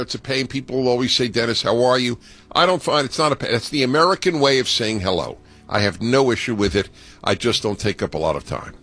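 A bright, forceful male voice hosts a call-in radio show. He is playful and theatrical, and he states his opinions firmly. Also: mid-range voice. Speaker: radio talk show host.

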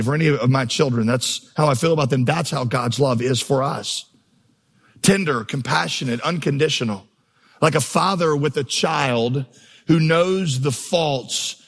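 A man's voice: mid-range voice, big-room sound. A man preaching a sermon as a pastor, moving between storytelling and rhythmic, building lists. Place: church auditorium.

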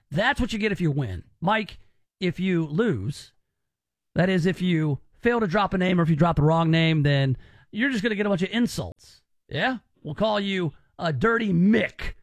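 A male radio host with a fairly high voice, joking and teasing his caller through a call-in game. The sound is dry and close, with no room around him, and he keeps the banter lively. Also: dry recording.

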